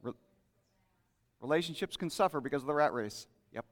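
High-voiced preacher in a reverberant hall. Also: male voice, expressive, a little fast. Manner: conversational, invites congregation to share. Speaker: pastor. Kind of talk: interactive sermon.

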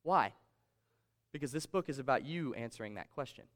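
A man's voice: mid-range voice, animated, fairly quick, fairly bright tone. A man preaching a conversational sermon, reading scripture aloud and explaining it with shifting emphasis. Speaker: pastor.

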